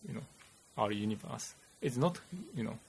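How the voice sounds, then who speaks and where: A man with a Japanese accent, a physicist guest explaining theory in casual chat, halting and searching for words. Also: fairly low pitch, expressive, creaky, a little mellow, slight background noise. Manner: halting, many "you know" fillers, searching for words.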